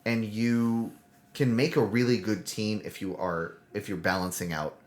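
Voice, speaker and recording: A man's voice: lowish voice, fairly even intonation, unhurried. Man co-hosting a casual chat podcast. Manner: thinks aloud in loose, rambling phrases. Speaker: podcast co-host; improv teacher.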